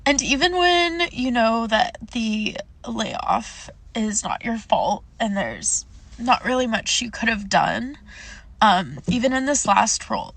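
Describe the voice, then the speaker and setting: A woman's voice: fairly high pitch, vocal fry, fairly bright tone. Emotional young woman, candid vlog. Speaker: recruiter. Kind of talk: personal vlog talk to camera.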